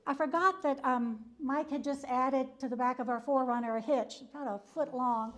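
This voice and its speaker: Woman, psychologist, church wellness talk, high-pitched, conversational storytelling, frequent fillers, chuckles. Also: fairly even intonation, normal speed. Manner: loose storytelling with frequent um and you know, chuckling often. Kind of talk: conversational presentation with a personal anecdote.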